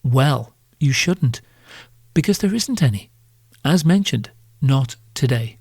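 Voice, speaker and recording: A man's voice: medium pitch, lively intonation, slow, creaky, darkish tone, husky, dry recording, clean studio sound. A British man hosting a solo podcast, ranting in a sardonic, crude and profane way. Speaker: podcast host.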